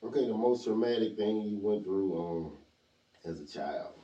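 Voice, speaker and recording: Deep-voiced man tossing in blunt remarks. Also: lively intonation, normal speed, mellow. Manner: blunt slangy interjections. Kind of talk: casual chat. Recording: muffled, distant, echoey room.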